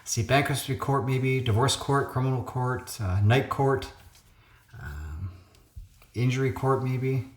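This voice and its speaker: A man's voice: mid-range voice, slow pace. Man thinking aloud in an echoey room. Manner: thinks aloud with frequent fillers. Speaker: puzzle video host. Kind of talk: casual solo commentary. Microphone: phone webcam.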